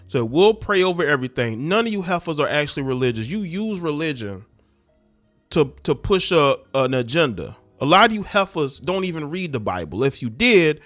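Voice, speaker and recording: A man's voice: on the high side, sing-song, moderate pace, fairly bright tone, no room sound, soft background music. A man hosting a commentary show, ranting scornfully and preaching straight at his listeners. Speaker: commentary channel host. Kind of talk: ranting social media commentary.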